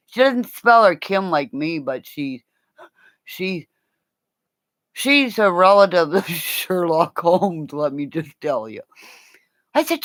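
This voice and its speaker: A woman rambles to her livestream viewers from home, breaking into laughter and swearing as she teases them affectionately. Her voice is bright and high, and it swings widely in pitch while she takes her time over each thought. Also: expressive, a little slow. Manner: laughs constantly, swears freely, teasing and affectionate. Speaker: livestream host chatting with viewers. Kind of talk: casual rambling chat. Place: at home, in bed with her dog.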